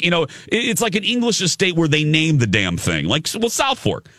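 Lively man telling a story. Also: fairly high pitch, normal speed, few pauses, dry recording, clean studio sound. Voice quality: lively storyteller with many restarts. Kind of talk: casual anecdote.

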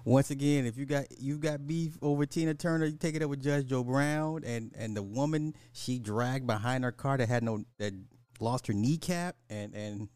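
A man's voice: mid-range voice, normal speed, a little mellow, clear, resonant tone, dry recording. A man hosting a podcast, talking loosely and in slang straight to his audience. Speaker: podcast host. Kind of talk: casual livestream commentary.

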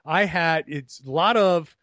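Young man, trained neutral broadcast voice, fairly high pitch, chatty and animated, dry sound. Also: measured pace, dry recording. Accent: neutral General American, trained. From Rhode Island. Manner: chatty, animated storytelling with restarts. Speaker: guest, broadcaster and blogger. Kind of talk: casual podcast interview.

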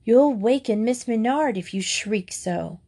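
A woman's voice: a little high, lively intonation, measured pace, dark tone. A woman voicing a firm, sensible older schoolgirl.

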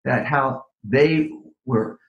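An older man, a former criminal profiler appearing as a podcast guest, tells rambling stories from his career, restarting often and using lots of fillers. His voice is medium-pitched and very slow. The audio sounds roomy and dull.

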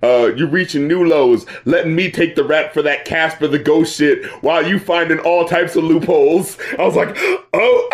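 A man's voice: on the high side, moderate pace. A man co-hosting a casual podcast chat, loose and profane, laughing often and acting out reactions. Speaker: podcast co-host reviewing albums.

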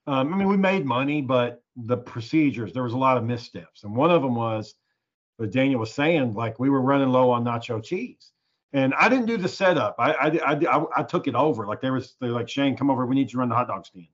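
A husky man in casual storytelling mode, mid-pitched and loose. He swears freely and slips into the voices of everyone in his tale. The recording is muffled and lo-fi. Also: a little fast. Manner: profane, animated, acts out quoted voices. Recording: dull lo-fi recording.

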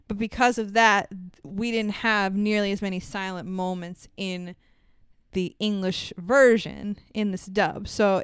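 A young adult woman casually recapping a movie, animated and swearing, acting out scenes with sound effects. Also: medium pitch, clear, resonant tone, no room sound, studio quality. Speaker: podcast co-host.

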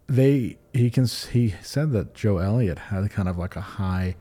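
A man co-hosting a podcast, chatting casually and excitedly about music videos, swearing freely and using many fillers. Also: on the low side, measured pace. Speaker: podcast co-host.

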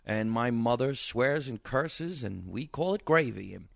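A man's voice: medium pitch, unhurried, gravelly, no room sound, studio quality. A middle-aged man from New Jersey with a New Jersey accent, a comedian chatting as a radio guest and telling stories. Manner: storytelling, animated impressions of his mother. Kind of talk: casual interview chat.

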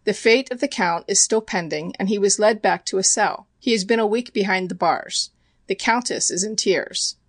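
A woman narrating an audiobook in an even, measured way, her voice at a middle pitch. The recording is dry and close, with no room sound at all. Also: dry recording.

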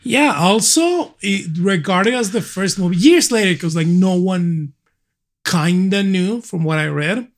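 A podcast co-host in their forties with a low-key way of talking. They chat casually about movies and keep chiming in with trivia. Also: unhurried. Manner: trivia-minded, interjects facts, low-key.

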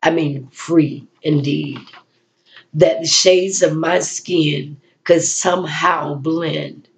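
A woman performs a spoken-word poem in a gravelly, creaky voice. She speaks slowly and measuredly in a flat, even tone. She pauses often and sometimes restarts a phrase. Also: low voice. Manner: slow, measured recitation with frequent pauses and restarts. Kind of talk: poetry recital and personal reflection.

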